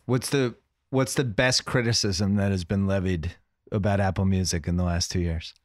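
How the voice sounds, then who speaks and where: A man's voice: sits low, steady tone, moderate pace, no echo, studio quality. A man hosting a podcast, asking loose, filler-heavy questions. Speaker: podcast host. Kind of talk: casual interview questions.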